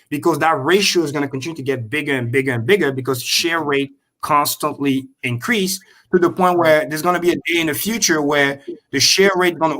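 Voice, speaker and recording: Excitable, profane man on a crypto stream. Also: a little high. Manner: excitable, profane, repeats points slowly for emphasis. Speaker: crypto show guest. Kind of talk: animated livestream explanation.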